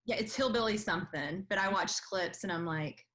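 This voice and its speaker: A woman co-hosting a podcast, chatting excitedly and casually. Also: mid-range voice, normal speed. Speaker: podcast co-host. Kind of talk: casual chat.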